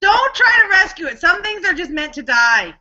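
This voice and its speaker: A woman co-host with a high, bright voice that swings up and down as she talks. She swears freely and tells stories in an excitable, animated way. The sound is a little dull and lo-fi. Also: moderate pace. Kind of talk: casual live chat.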